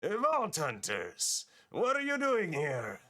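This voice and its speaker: A man's voice: high voice, wildly swooping pitch, slow pace, sharp tone, pitched above the performer's own voice, heavily acted. A man doing a sly fantasy gun merchant. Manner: sly wheeling-dealing patter in a shaky put-on European accent. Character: scheming male fantasy gun merchant and matchmaker.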